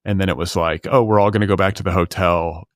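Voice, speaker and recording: Low-voiced man telling a story. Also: steady tone, quick pace, no echo, studio quality. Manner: storytelling, loose with fillers like "like". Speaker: podcast host. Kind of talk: casual chat.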